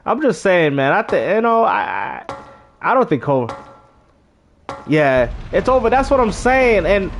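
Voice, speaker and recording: A man hosts casual gaming commentary in a lively, slangy style, repeating words as he pushes his point. His voice sits high and bounces across a wide range. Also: measured pace, vocal fry, soft background music. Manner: animated, slangy, repeats himself. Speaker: gaming channel host.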